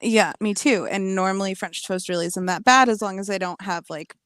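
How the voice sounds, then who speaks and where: A woman's voice: mid-range voice, fairly quick, fairly bright tone, clear, resonant tone, dry recording, studio quality. A woman joining a live stream as a guest, talking casually with many ums and some swearing.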